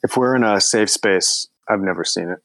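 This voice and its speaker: A man's voice: fairly low pitch, moderate pace, gravelly, fairly bright tone, no echo. A man co-hosting a casual film podcast, laughing easily and acting out his own reactions. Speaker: podcast co-host.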